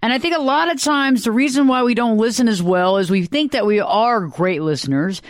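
Smooth-voiced radio talk host. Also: mid-range voice, lively intonation, brisk, dry recording, clean studio sound. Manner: earnest, storytelling, repeats phrases for emphasis. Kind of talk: solo talk radio monologue. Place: radio studio. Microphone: studio microphone.

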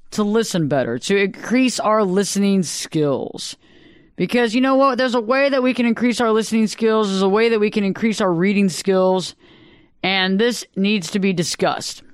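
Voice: mid-range voice, smooth, no room sound. A radio talk show host speaking earnestly into a studio microphone, telling stories and repeating phrases for emphasis. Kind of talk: solo talk radio monologue.

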